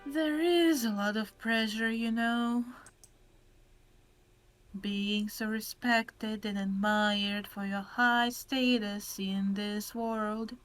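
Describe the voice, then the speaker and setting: Woman playing a slow robotic sinister troll girl. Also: on the high side, clean tone, soft background music, low-quality recording. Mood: brooding. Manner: slow flat robotic delivery. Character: gloomy sinister female troll influencer, self-pitying. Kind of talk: reading game dialogue aloud.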